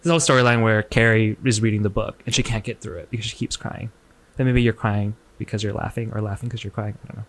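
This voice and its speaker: A man's voice: fairly low pitch, steady tone, quick pace. A man co-hosting a podcast, chatty and teasing with his guest. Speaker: podcast co-host. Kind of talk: casual podcast chat.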